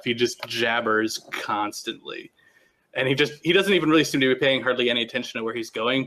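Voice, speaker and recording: A man's voice: medium pitch, bright, forceful tone. A man narrating a tabletop role-playing game as game master, in a loose, casual way with frequent restarts.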